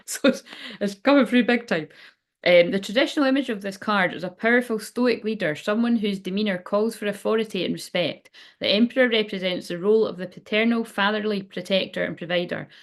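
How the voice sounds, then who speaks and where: A woman's voice: mid-range voice, a little fast. A middle-aged woman giving a casual tarot reading, rambling and frank, swearing freely. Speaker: tarot reader. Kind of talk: casual spiritual reading chat.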